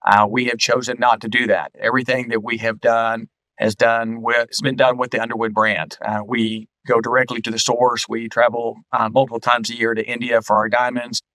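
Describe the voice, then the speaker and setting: A man who owns a jewelry store, explaining his business in a measured, casual way. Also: mid-range voice, little pitch movement, bright, forceful tone, no room sound, rough recording. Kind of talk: casual interview talk.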